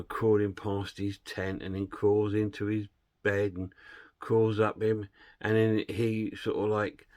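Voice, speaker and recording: Low-voiced man rambling through a film review. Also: no room sound, studio quality. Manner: rambling, hesitant retelling with many fillers. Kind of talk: casual spoken film review.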